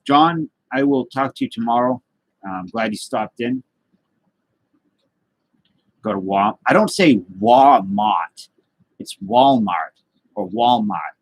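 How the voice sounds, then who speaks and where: Husky guy chatting with viewers. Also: mid-range voice, lively intonation, takes it slowly, pauses often, no room sound, rough recording. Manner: rambling, loose, greets chatters by name. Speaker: livestream host. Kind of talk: casual live chat reading viewer comments.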